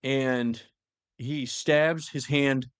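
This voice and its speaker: A man's voice: medium pitch, fairly even intonation, very slow, clear, resonant tone, no echo, studio quality. A man hosting a podcast, casually retelling a story in a rambling way, with lots of "like" and restarts. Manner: rambling storyteller, heavy use of "like", many restarts. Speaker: podcast host. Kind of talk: casual lore recap chat.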